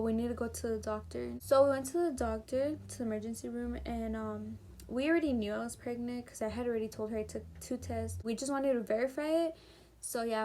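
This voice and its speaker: Chatty teenage girl vlogger, slightly high. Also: dark tone, slight background noise. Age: teens. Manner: chatty and emphatic, full of fillers. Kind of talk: casual storytime.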